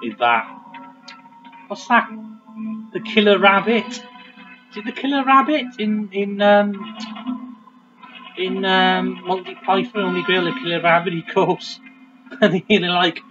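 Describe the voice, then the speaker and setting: A man's voice: sits high, slow, pauses often, bright, forceful tone, dull audio, soft background music. A man casually commentating a video game, chatty and joking as he rambles. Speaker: let's play host.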